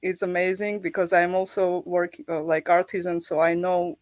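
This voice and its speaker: A woman with a half Armenian, half Russian accent, speaking as a guest on a live stream in an earnest, halting way and laughing often. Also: fairly low pitch, little pitch movement, a little mellow, no echo.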